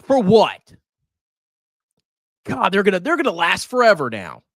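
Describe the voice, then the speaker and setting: Male stock streamer, sarcastic and insulting, voice swinging high and low, dry close sound. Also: wildly swooping pitch, unhurried, fairly bright tone, no echo. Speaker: personal finance streamer. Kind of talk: live stream stock commentary.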